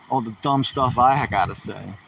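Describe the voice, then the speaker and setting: A man's voice: medium pitch, takes it slowly, gravelly, distant mic, slight background noise. A man hosting a casual livestream, rambling through corny jokes and mocking himself. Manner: rambling, self-mocking joke teller. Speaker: livestream host. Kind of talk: casual joke-telling livestream.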